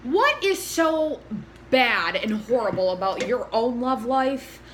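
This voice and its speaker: A young woman co-hosting a casual TV recap, animated and swearing as she acts out her reactions. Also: on the high side, takes it slowly, a little hiss or hum. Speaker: co-host.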